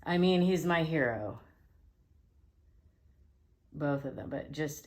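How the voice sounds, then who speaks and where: A woman's voice: deep voice, takes it slowly, pauses often. A woman musician reviewing shows in a casual, rambling video, often correcting herself as she talks. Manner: rambling, self-correcting, soft-spoken. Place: dim room at home.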